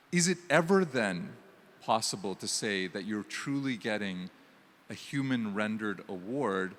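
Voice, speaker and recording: A man's voice: mid-range voice, a bit bright. A man moderating a panel discussion, thinking aloud and restarting his sentences as he frames questions. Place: conference hall. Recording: long hall reverb.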